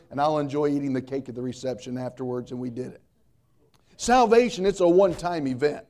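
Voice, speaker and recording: A man's voice: fairly high pitch, mellow. A middle-aged man preaching a sermon as pastor, emphatic, repeating key points and mixing in humor.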